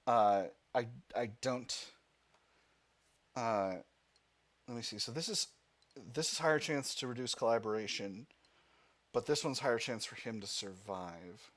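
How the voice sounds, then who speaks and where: In his gaming video, a man with a mid-range, slightly bright voice speaks a little slowly with long pauses. He reads the game text aloud and reasons through his choices, using fillers and starting over as he goes.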